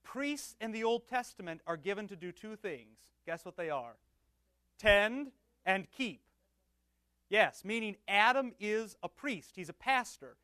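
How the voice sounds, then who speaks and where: A man preaching as pastor, teaching with banter and swinging from soft asides to loud emphatic bursts. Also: sits high, lively intonation, a little slow, clean tone, dry recording. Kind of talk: teaching sermon with audience banter.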